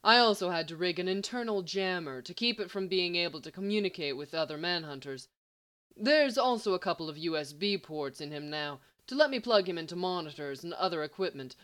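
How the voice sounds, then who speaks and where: A woman's voice: fairly low pitch, expressive, fairly quick, fairly bright tone. A woman voicing a brilliant young man who talks sheepishly and evasively.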